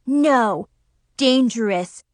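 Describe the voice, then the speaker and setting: A woman voicing Zoe, a worried teenage girl who speaks in urgent warnings, read slowly in a storybook. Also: fairly high pitch, animated, no echo, studio quality. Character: teen girl best friend Zoe, worried.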